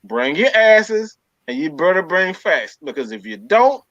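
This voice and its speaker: Man, bright high voice, animated; brash profane sports co-host, dull dry stream audio. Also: unhurried, few pauses, no room sound. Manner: loud, profane, teasing. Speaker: podcast co-host. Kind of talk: rowdy casual sports banter.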